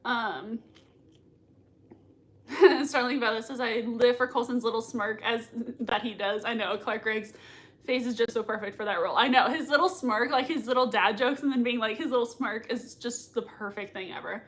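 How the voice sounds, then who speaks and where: A woman's voice: a little high, moderate pace, fairly bright tone. A woman hosting a casual live reaction stream, reading viewer comments aloud and gushing over a TV episode with frequent laughter. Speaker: livestream host reacting to a TV episode.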